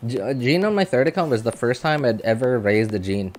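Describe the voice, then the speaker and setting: A man's voice: mid-range voice, very animated, brisk, faint music behind. A man streaming a game and chatting casually, rambling and laughing at himself. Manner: rambling, self-mocking, laughs often. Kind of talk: casual live-stream chat.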